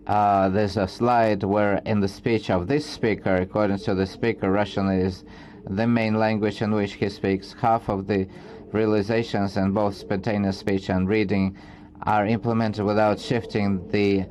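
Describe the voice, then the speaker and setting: Halting low-voiced man presenting research. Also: a little mellow. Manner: halting, reading slides with frequent restarts. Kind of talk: academic presentation.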